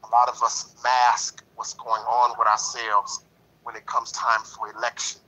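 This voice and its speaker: A man's voice: medium pitch, monotone, unhurried, bright, forceful tone, low-quality recording. A man in a lodge discussion talking in a preachy, emphatic way, repeating himself and leaning on "you know". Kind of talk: passionate casual discussion.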